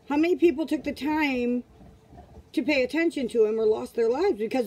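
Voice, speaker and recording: Husky woman preaching to her viewers. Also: sits high, moderate pace, a little mellow, poor audio. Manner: preachy, repetitive rhetorical questions. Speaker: vlogger, motivational group leader. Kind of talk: casual motivational monologue. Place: home.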